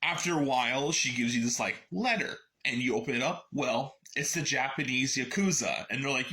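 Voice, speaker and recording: Animated, sarcastic man reviewing a book. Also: mid-range voice, moderate pace. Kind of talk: casual book summary.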